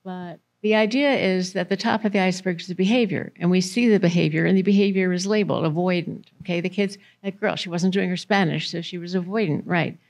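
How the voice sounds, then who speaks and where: A woman's voice: lowish voice, steady tone, fast, few pauses, darkish tone. A woman giving a conversational presentation to parents in a library meeting room, putting questions to the audience.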